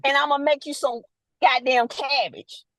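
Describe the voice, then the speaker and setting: High-voiced woman ranting bluntly. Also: moderate pace, no room sound. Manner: blunt, profane, animated ranting. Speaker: nurse, guest. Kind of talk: loud casual rant.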